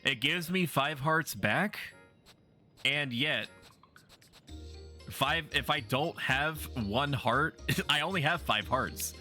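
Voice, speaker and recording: A man's voice: fairly high pitch, animated, slow, pauses often, bright, forceful tone, soft background music. A man streaming a game, chatting playfully and bawdily with his viewers in a teasing, casual way. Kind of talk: casual gaming commentary.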